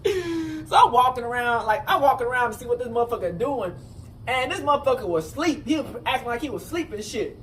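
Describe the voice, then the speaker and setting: A man casually telling a rambling, profane story, full of fillers and restarts. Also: fast talker. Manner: rambling, animated, profane, repeats "you know what I'm saying". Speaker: storyteller recounting a jail fight. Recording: distant mic with faint rumble.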